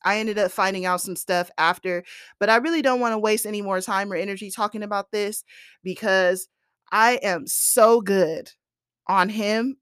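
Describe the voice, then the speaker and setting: Animated woman in her thirties, dry sound. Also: mid-range voice, clear, resonant tone, dry recording. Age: 30s. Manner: animated, exasperated retelling with quoted dialogue. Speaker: podcast host. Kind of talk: casual storytelling monologue.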